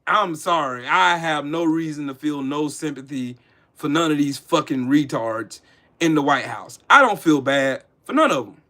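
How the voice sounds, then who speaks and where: Profane, animated male livestream ranter. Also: on the high side, normal speed. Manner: profane, heated, mocking, addresses chat viewers by name. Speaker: political commentary livestream host. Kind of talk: casual livestream rant.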